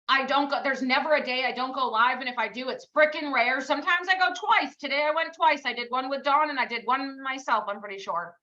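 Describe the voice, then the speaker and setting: A team leader gives a live pep talk on a stream, her high-pitched voice a little fast, bright, and forceful with few pauses, all in lo-fi sound. She's blunt and scolding, firing off rhetorical questions, swearing casually, and mocking herself in this casual motivational talk.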